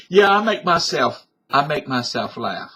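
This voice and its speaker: A middle-aged Canadian vlogger delivers a defiant, blustering comic rant into his webcam microphone, tough-talking and profane. His voice is a little high, pushed and bright, with slight roughness.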